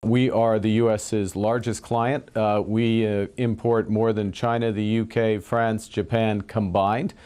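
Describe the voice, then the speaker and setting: A man with a fairly low voice answers interview questions on a news program. He speaks deliberately and resolutely, stopping often on "uh" to gather his thoughts. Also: little pitch movement, a little mellow, smooth. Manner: deliberate, with frequent "uh" pauses. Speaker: interviewed politician.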